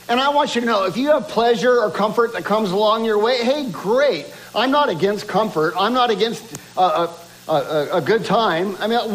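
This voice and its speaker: A man preaching a sermon, reading scripture aloud and building emphasis with rhetorical questions. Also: low-quality recording. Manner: reads scripture aloud, drops low and quiet for quoted lines. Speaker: pastor.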